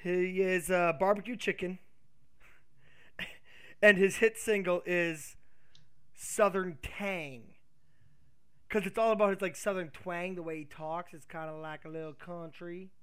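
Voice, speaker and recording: High-voiced deadpan punning man. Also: unhurried, long pauses, smooth. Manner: deadpan punning, trails off quietly. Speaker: podcast co-host. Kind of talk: casual comedic chat.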